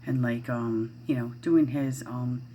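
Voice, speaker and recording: A woman's voice: extremely low pitch, steady tone, a little slow, mellow, a little hiss or hum. A middle-aged woman vlogging at home, chatting casually in a rambling way with lots of fillers and restarts. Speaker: parent vlogger. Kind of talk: casual chat to camera.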